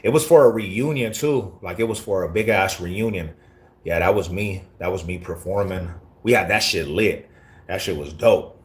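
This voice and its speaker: A man's voice: deep voice, normal speed. Brash slangy man on a livestream. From Colorado. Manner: brash, confrontational, heavy street slang. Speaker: livestreamer reading chat. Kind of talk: casual live-stream talk.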